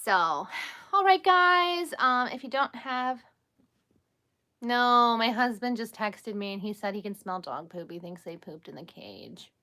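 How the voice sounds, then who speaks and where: A woman in her thirties speaks in a bright, forward voice. She chats loosely with her viewers on a late-night livestream from home, laughing easily and answering their questions as they come. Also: fairly high pitch, big pitch swings, unhurried. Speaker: livestream host. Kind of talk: casual live chat with viewers.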